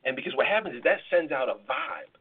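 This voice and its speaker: A man's voice: medium pitch, very animated, fast talker, breathy edge. A man who hosts a podcast and works as a life coach, giving emphatic relationship advice, repeating words and explaining through analogies. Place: live podcast taping. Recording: tinny phone-like sound.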